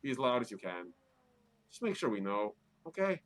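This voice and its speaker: A man's voice: mid-range voice, sing-song, normal speed, fairly bright tone. An actor playing a wry, laid-back male netrunner with a dry, shrugging delivery. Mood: commanding.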